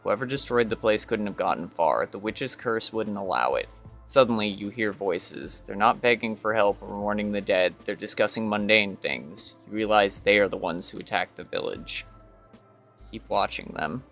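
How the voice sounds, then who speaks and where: A man's voice: lowish voice, normal speed, vocal fry, a bit bright, soft background music. A man streaming a game, reading its story text aloud with hesitant fillers.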